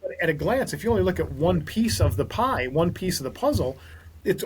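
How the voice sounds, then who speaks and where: A man, a small business owner from Minnesota, talking as a podcast guest and telling lively stories with quoted dialogue. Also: a little high, a little fast, husky. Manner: animated storyteller, quotes others in dialogue. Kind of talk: casual podcast conversation.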